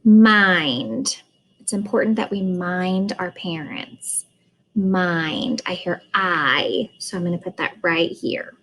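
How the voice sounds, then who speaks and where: A woman teaching a phonics lesson at a very unhurried pace, stretching out each vowel sound. She speaks in a calm, mid-range voice and explains each step. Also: fairly low pitch, rough recording. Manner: slow, deliberate, sounds out vowels.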